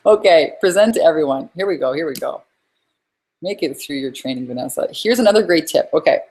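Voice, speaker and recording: A woman hosting a live webinar from home as a business coach, talking in an energetic, rambling, emphatic way. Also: low-pitched, fairly quick.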